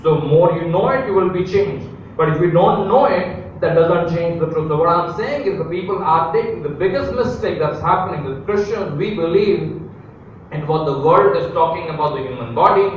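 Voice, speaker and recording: A man's voice: fairly high pitch, moderate pace, lo-fi sound, a little hiss or hum. A male pastor preaching a live sermon, emphatic, with repeated phrases and rhetorical questions. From India. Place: large church hall. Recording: very echoey hall, mic at a distance.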